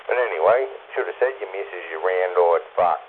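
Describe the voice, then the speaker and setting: A fairly low-voiced Australian man ribs his mates over a CB radio channel. His voice is squeezed into a thin, phone-like band with a light hiss behind it. He teases and swears freely. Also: brisk. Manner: crude, teasing, swearing. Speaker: CB radio caller. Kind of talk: casual banter over CB radio.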